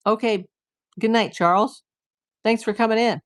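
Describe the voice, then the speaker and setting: A chatty woman hosting a live stream from home, talking to her viewers in a loose, rambling way. Her voice sits a little high, and she fills her talk with "like" as she goes from one thing to the next. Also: fairly even intonation, moderate pace.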